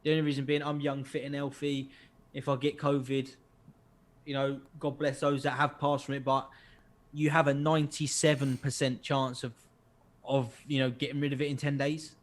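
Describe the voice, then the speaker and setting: A man, co-hosting a podcast and telling stories in an animated, sweary way. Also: mid-range voice, moderate pace. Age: 20s. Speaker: podcast co-host. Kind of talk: casual chat.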